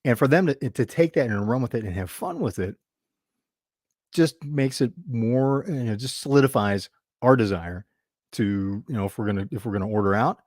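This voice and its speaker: A man's voice: mid-range voice, normal speed, darkish tone, dry recording, studio quality. A man hosting a business show, telling a customer-service story in a chatty, rambling way with many restarts. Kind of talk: casual talk to camera.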